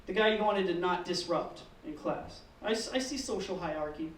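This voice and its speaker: High-voiced man doing a stand-up set. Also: normal speed. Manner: deadpan storytelling, swearing, acting out kids in squeals. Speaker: stand-up comedian. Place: comedy open mic room. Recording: echoey room, mic heard from a distance.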